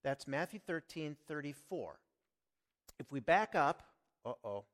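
A man's voice: on the high side, big pitch swings, measured pace. A middle-aged man preaching a sermon, earnest and emphatic, with sudden swells and drops in volume. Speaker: lay preacher.

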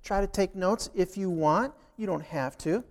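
In a church sanctuary, a high-pitched man preaches at normal speed, telling a personal story and acting out its dialogue with emphasis. The recording carries a long hall reverb.

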